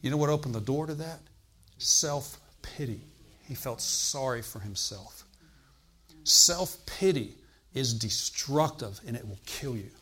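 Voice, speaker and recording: A man's voice: medium pitch, a little fast, few pauses, breathy edge. A male preacher delivering a sermon in a mid-range voice. He talks to the congregation as if in conversation, asks them questions and breaks into emphatic exclamations.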